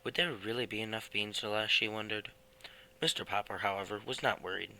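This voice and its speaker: A man's voice: on the low side, steady tone, fairly quick, creaky, sharp tone, low-quality recording. A man reading a children's book aloud, plainly, with small slips now and then. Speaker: reader.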